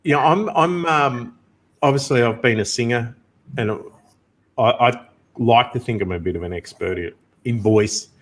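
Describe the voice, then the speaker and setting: A man's voice: mid-range voice, normal speed. Rambling male podcast host. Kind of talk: casual chat.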